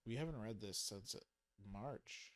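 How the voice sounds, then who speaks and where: A man co-hosting a casual podcast chat about web novels, excitable and jumping up in pitch when he gets hyped. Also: measured pace, dry recording, studio quality. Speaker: podcast co-host.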